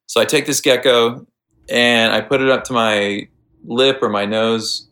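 A man's voice: mid-range voice, steady tone, unhurried, fairly bright tone. An American man telling a rambling story in casual chat, full of fillers and restarts. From United States.

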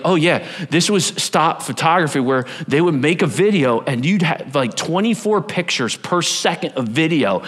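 A middle-aged man delivers a sermon from the pulpit. His pitch sits a little above the usual male range, and it rises and falls a great deal. He drops into voices now and then to act out little scenes for the congregation. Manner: animated, lively storytelling with acted-out voices. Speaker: pastor.

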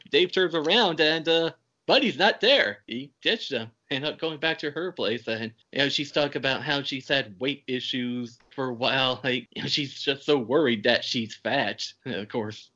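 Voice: mid-range voice, normal speed, pushed and bright. A podcast host recapping a movie in casual chat, laughing while retelling scenes. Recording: dull, lo-fi podcast audio.

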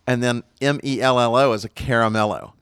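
A man's voice: medium pitch, fairly even intonation, brisk, fairly bright tone, clear, resonant tone, no echo, studio quality. A man co-hosting a casual podcast, taste-testing snacks and musing about how words are pronounced. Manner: chatty, ponders pronunciation at length. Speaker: podcast host.

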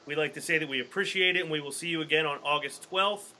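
A man co-hosting a casual podcast, giving shout-outs and reading sponsor plugs in an upbeat way. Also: fairly high pitch, slight background noise. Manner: upbeat plugs, quick laughs. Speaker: podcast co-host.

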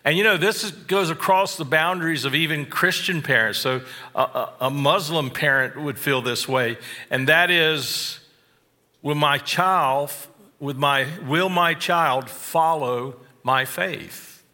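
A man preaching a sermon, slow and deliberate, stressing key phrases and adding wry asides. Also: a little high, pushed and bright, big-room sound. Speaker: pastor.

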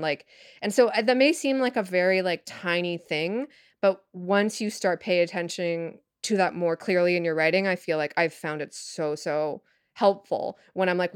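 A woman writer chatting as a podcast guest, thinking out loud with lots of fillers and restarts. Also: fairly low pitch, normal speed, clean tone, no room sound, studio quality. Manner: rambling, filler-heavy, thinks aloud. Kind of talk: casual interview chat.

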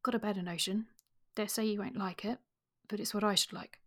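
Woman reading as a shy young gentleman, slangy and earnest, soft husky hushed voice. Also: medium pitch, fairly even intonation, fairly quick, natural voice. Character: young gentleman suitor, plain-spoken, slangy.

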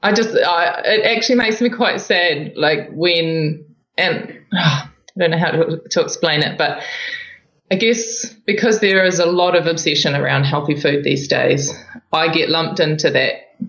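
A woman's voice: low voice, unhurried, a bit bright. A woman, a guest speaking in a reflective, rambling, hesitant way. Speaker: guest, food blogger. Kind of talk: casual interview chat. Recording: echoey room, dull lo-fi audio.

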